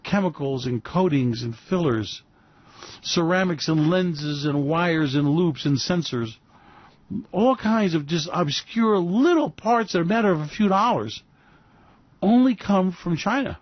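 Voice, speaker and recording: A man's voice: on the high side, lively intonation, measured pace, no room sound. A man hosting a radio commentary monologue, rambling and sarcastic. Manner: rambling, sarcastic, fillers and restarts. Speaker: host. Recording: dull lo-fi dry recording.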